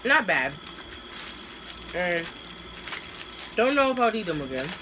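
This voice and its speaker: A woman's voice: lowish voice, sing-song, takes it slowly, background noise. A woman vlogger chatting casually and hesitantly as she unboxes and taste-tests snacks, with many fillers. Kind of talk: casual taste-test vlog.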